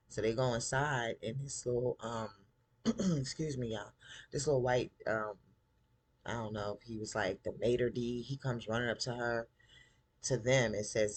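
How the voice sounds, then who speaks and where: A man casually recapping a TV episode, chatty and animated, acting out the characters' lines in a style. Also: medium pitch, normal speed. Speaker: TV show recap host.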